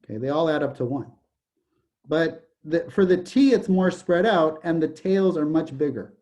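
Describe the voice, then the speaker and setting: Give me a man lecturing on statistics with a raised, mellow voice, throwing in jokes. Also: fairly high pitch, expressive, moderate pace. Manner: jokey, digressive, repeats "okay". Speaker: college math professor.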